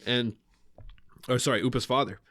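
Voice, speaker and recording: Podcast co-host, male, mid-pitched, animated storyteller, dry booth sound. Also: moderate pace, no room sound. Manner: excitable, laughing storyteller retelling scenes. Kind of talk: casual chat.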